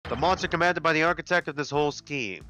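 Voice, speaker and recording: A man voicing a cool, analytical male prosecutor, speaking in a measured, deliberate, lowered voice. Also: pushed and bright. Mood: composed. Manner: measured, deliberate, low and serious.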